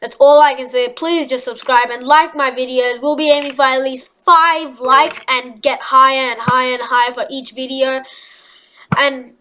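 High-voiced chatty woman gaming. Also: normal speed, rough recording. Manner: chatty, rambling, excitable outbursts. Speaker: gaming YouTuber. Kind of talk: gameplay commentary.

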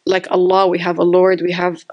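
A woman giving a casual, animated faith talk to a live audience, telling stories with lots of "like" and "you know" and sprinkling Arabic religious phrases. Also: fairly low pitch, moderate pace, highs cut off. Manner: chatty, animated storytelling full of "like" and "you know". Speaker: author and religious speaker. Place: community gathering with an audience.

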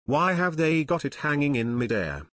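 A man voicing an impulsive, eager teenage boy detective, quick to protest. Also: on the high side, sing-song, fairly bright tone, no echo.

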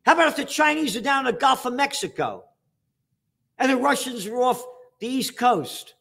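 Hosting his show, a man reads news headlines aloud and answers them with profane, sarcastic, shouting mockery. His voice is extremely high and gravelly, with lively intonation and a normal pace. He is a trends forecaster, and the talk is ranting commentary on the news.

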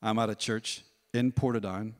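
A man giving a testimony at a church service, telling his story in a lively way and acting out other people's voices. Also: on the low side, moderate pace, big-room sound. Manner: storytelling, animated, acts out voices. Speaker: worship leader. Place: church hall.

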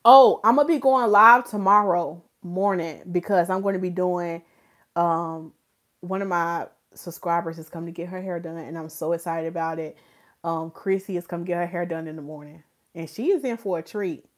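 A woman's voice: on the low side, moderate pace. Woman livestream host, playful and chatty, jokes with her viewers, casual hairstylist talk. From North Carolina, USA. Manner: animated, playful, joking with viewers.

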